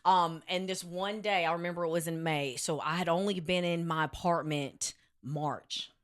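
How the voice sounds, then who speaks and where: A young adult woman as an interview guest, telling a personal story in a candid, profane, animated way. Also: fairly low pitch, moderate pace, smooth.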